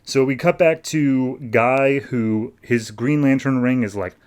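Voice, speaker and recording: A man's voice: medium pitch, unhurried, darkish tone, clean tone. A man hosting a podcast, recapping and reviewing comics in loose, chatty talk full of "like". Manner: loose, filler-heavy talk with frequent "like". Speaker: podcast host.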